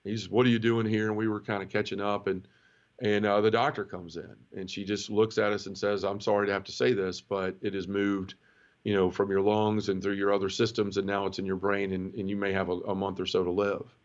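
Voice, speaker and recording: A middle-aged man from the southern United States, giving an emotional personal testimony in an interview, halting and full of restarts. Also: fairly low pitch, flat delivery. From Memphis area, southern United States. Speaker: guest. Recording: dull lo-fi audio.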